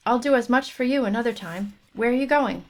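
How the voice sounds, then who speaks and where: A woman's voice: fairly high pitch, brisk, voice pushed up, natural voice. A woman voicing a grateful talking donkey in a read-aloud folk tale. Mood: earnest.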